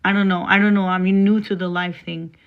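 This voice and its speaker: A woman's voice: mid-range voice, level tone, a little fast, smooth, narrow, tinny audio. A young woman chatting on a phone live stream, rambling and laughing often, and reading her own poem.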